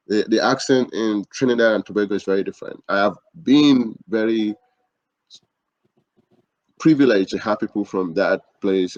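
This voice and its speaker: A man's voice: on the low side, dry recording, lo-fi sound. A man hosting a podcast, asking his guest questions and nodding along with brief affirmations. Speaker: podcast host. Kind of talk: interview questions.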